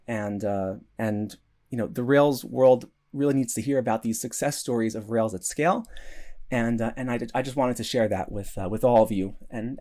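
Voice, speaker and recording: A man's voice: mid-range voice, a little mellow. A man giving a recorded conference talk, earnest, with many restarts and fillers. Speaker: conference speaker.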